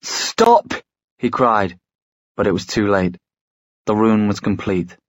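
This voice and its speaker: Guy narrating an audiobook, lowish voice, steady storyteller pace, dry studio. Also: a little slow, no echo. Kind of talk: scripted narration.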